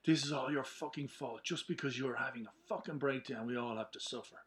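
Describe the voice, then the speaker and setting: A man's voice: mid-range voice, brisk, a bit bright, lightly acted. A man reading a blunt, swearing, resentful teenage boy in a script readthrough. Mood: angry.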